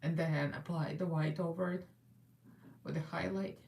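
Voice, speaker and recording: A woman's voice: sits low, fairly even intonation, normal speed, vocal fry, a little mellow. A woman hosting a casual live makeup chat, chatty and rambling, laughing often as she works. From Russian American. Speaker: makeup livestream host. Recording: echoey room, voice a little far from the mic.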